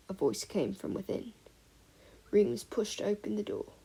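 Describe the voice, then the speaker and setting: A woman reading a fan-fiction audiobook aloud, expressive storytelling with soft breathy passages. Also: mid-range voice, normal speed, low-quality recording. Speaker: audiobook reader.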